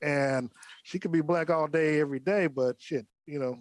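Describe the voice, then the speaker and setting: A man's voice: on the high side, normal speed, no echo. A man giving blunt, opinionated commentary on a casual political talk show. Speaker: co-host.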